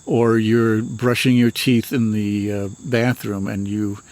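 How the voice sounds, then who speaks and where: A man in his sixties from Michigan, a retired minister telling his own experiences in an earnest, unhurried, matter-of-fact way. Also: on the low side, level tone, a little mellow. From Michigan, USA. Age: 60s. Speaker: retired minister and paranormal author. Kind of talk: personal storytelling in an interview.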